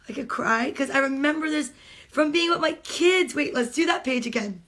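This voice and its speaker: A middle-aged woman reading a picture book aloud to children, breaking off into gushing, emotional asides and excited gasps. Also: high-pitched, normal speed. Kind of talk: read-aloud storytime with casual chat.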